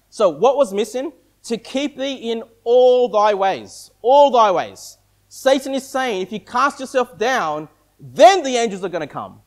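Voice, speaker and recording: A male pastor preaching a sermon in a conversational way, often checking in with his listeners. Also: a little high. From Australia. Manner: conversational preaching, frequent "okay?" and "all right?" check-ins.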